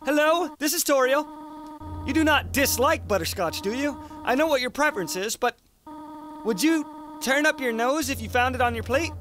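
A man voicing a gentle, motherly female goat caretaker in a formal, polite way. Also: very high-pitched, lively intonation, moderate pace, a little hiss or hum. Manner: polite, formal, softly reading text aloud.

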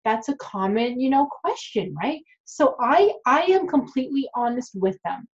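A woman's voice: sits high, expressive, normal speed, lo-fi sound. A woman, a dental hygienist, talking casually and frankly to the camera and addressing her viewers directly.

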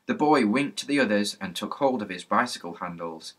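A man reading a children's storybook aloud, lively and expressive. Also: on the low side, a little fast, breathy edge. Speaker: narrator reading a children's book.

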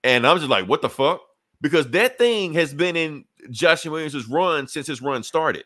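A man in a casual podcast chat, swinging his pitch widely as he retells a story. He drops into the characters' voices and swears freely. His voice sits close and dry on the mic, with no room sound. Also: moderate pace, no room sound. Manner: animated storyteller, acts out characters' lines, profane slang. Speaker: podcast co-host reviewing comics.

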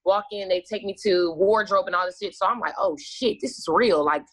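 A woman's voice: mid-range voice, brisk. A woman guest telling stories in casual, profane chat, acting out her own past lines and laughing often.

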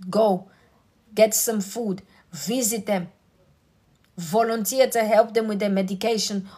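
A woman's voice: mid-range voice, a little mellow. A woman preacher delivering a sermon with emphatic, repetitive exhortation.

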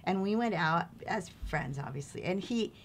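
A middle-aged woman, an actress and showrunner, telling stories in an animated way and laughing often in a casual interview. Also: fairly low pitch, normal speed, gravelly, a little hiss or hum. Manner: animated, lively storyteller who laughs often.

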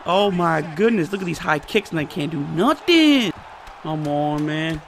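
A high-pitched man reacting live to his own video game match with yelps, shouts and trash talk. His voice leaps wildly up and down from one outburst to the next. Faint background noise sits under the commentary. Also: lively intonation, unhurried, vocal fry. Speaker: gaming YouTuber. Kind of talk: excited live gameplay commentary.

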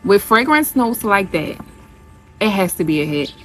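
A woman's voice: medium pitch, sing-song, normal speed, fairly bright tone, faint music behind, poor audio. A woman vlogger chatting casually to her viewers in a product review, gushing and calling them y'all.

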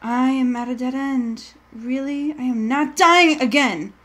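Her voice high and fairly bright, this streamer talks unhurriedly to her chat while playing a game live. Her commentary rambles and jitters, repeatedly sliding into panic.

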